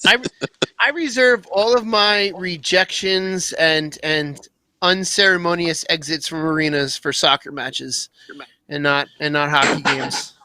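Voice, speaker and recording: Man, podcast co-host, wry teasing chat, high voice, dry close sound. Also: steady tone, unhurried, sharp tone, no echo, poor audio. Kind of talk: casual chat.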